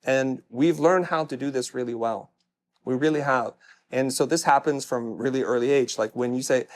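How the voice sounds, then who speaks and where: A man's voice: medium pitch, moderate pace. A middle-aged man speaking candidly to a live audience, telling stories in a self-deprecating way as a personal branding speaker. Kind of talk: stage talk to a live audience.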